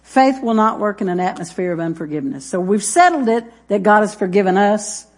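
A woman's voice: medium pitch, lively intonation, fairly quick. A woman preaching a sermon, talking straight to her listeners and repeating phrases for emphasis.

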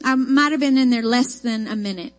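A woman's voice: a little high, fairly quick. Emphatic woman preaching a sermon. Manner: emphatic, folksy storytelling with rising declarations. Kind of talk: sermon with personal testimony.

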